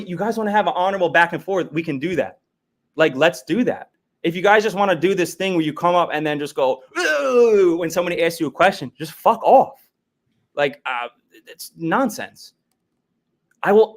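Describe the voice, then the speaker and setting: Heated, profane man demanding answers. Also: fairly high pitch. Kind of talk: confrontational livestream argument.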